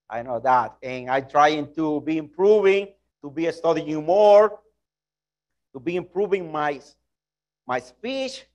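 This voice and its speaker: Slow earnest preacher with high voice. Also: male voice. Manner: earnest, self-correcting, non-native phrasing. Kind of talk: sermon.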